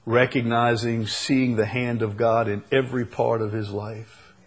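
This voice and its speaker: A man preaching a sermon, slow and emphatic, repeating key phrases for weight. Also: medium pitch, little pitch movement. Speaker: pastor.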